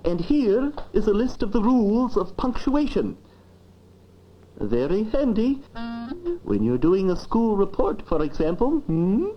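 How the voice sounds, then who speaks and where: A woman's voice: medium pitch, very animated, a little slow. A woman voicing a fussy, learned talking dictionary that lectures in grand, wordy phrases, on dull lo-fi old film sound with faint music. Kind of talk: educational film acting.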